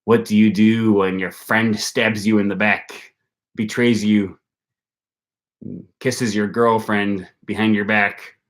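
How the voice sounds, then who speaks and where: A man's voice: lowish voice, little pitch movement, slow pace. Rambling young man with Wisconsin accent. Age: young adult. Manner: rambling, thinks aloud with many ums and likes. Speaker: language-learning channel host. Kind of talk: casual livestream chat with viewers.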